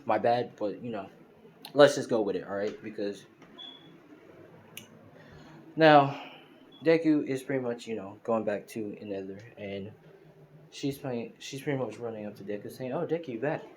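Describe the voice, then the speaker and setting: Speaking at normal speed in a lowish, darkish voice, a man rambles through a fan-made story over slight background noise. It's casual and packed with fillers such as "you know" and "pretty much," and he laughs whenever he slips up.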